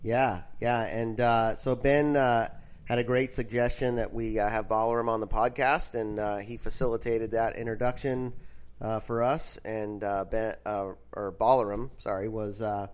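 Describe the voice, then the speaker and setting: A man's voice: fairly low pitch, flat delivery, normal speed, clear, resonant tone. A man hosting a podcast, talking in an easygoing, rambling, hesitant way. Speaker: podcast host. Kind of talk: casual podcast chat.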